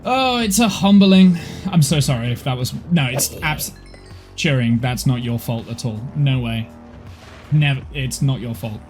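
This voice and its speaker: A man's voice: medium pitch, moderate pace. Male streamer, tired, chatty and apologetic, rambling with restarts, music faintly in the background. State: tired, overheated. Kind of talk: casual live-stream gaming chat. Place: home office.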